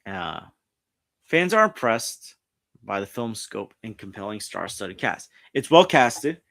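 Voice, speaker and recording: A man's voice: fairly low pitch, sing-song, slow, gravelly, a bit bright. A man hosting a casual pop culture stream, reading articles aloud and rambling with frequent restarts. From New York. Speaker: streamer host. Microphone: streaming setup mic.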